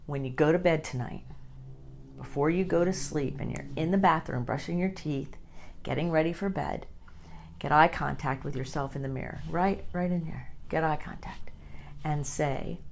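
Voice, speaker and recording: A woman with a low voice hosts an inspirational podcast. She talks gently and encouragingly, and often slows down to stress a point. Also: vocal fry, a little hiss or hum. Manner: gentle, encouraging, slow and deliberate at times. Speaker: podcast host.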